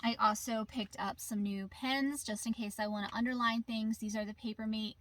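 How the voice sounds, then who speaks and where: A woman's voice: fairly high pitch, fairly even intonation, moderate pace. A woman filming a casual show-and-tell vlog inside her car, talking in a chatty, conversational way. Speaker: vlogger. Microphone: camera in the car.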